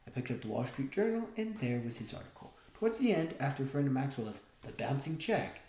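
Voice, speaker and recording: Low, expressive woman narrating a memoir. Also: quick pace, echoey room, poor audio. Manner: expressive storytelling, wide swings in tone. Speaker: audiobook narrator. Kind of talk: first-person memoir narration.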